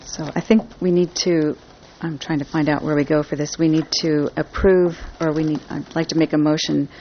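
Gravelly council member, fumbling through an agenda, lo-fi room audio. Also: female voice, low-pitched, fairly even intonation, normal speed, a little hiss or hum. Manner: flustered while searching papers.

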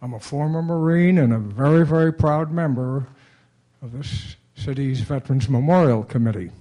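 Measured man with a mellow voice. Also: medium pitch. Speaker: public commenter at city council. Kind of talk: prepared public comment speech.

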